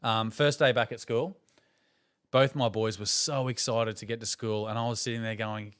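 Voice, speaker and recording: Man, Australian accent, thirties, podcast host, lively storytelling, casual chat. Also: lowish voice, moderate pace, clear, resonant tone. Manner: animated storyteller, acts out voices.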